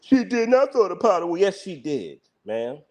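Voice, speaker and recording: A man's voice: high voice, big pitch swings, moderate pace, darkish tone. A man with a Philadelphia accent, hosting a live reaction stream, bluntly ranting and scolding his chat. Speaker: livestream host.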